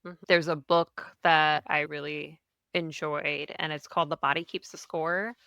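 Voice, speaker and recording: A woman from Ohio, US, appears as a podcast guest in a candid personal interview, earnest and reflective as her thoughts unfold in long sentences. Her low voice still sounds bright and forceful, with a level tone and measured pace. The recording is clean, smooth, dry and close.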